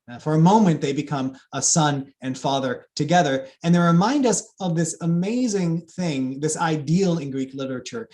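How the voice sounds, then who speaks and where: A man giving a lively public lecture on epic poetry, with fillers and asides to the audience. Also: on the high side. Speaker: classics lecturer.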